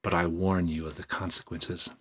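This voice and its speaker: Guy voicing a solemn old soldier in a storybook reading, low husky voice, slow and grave. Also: level tone, fairly bright tone. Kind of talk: audiobook reading.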